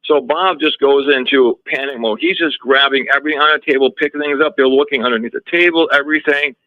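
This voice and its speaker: A man of ordinary pitch tells a story as an interview guest, in a lively way with many restarts and retold lines of dialogue. The sound is dry and a little dull, like lo-fi audio. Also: fast, no echo. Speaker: guest recounting a haunting in his home.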